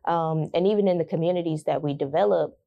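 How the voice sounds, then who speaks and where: A woman's voice: sits low, fast talker, vocal fry, highs cut off. A woman co-hosting a podcast in casual, playful chat with her husband. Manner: playful, teasing banter. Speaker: podcast co-host.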